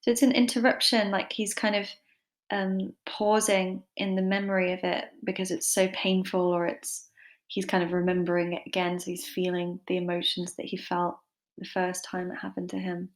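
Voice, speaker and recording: A woman's voice: lowish voice, flat delivery, normal speed. A woman giving a casual online English literature lesson, chatty and informal with lots of fillers and some self-deprecating humour.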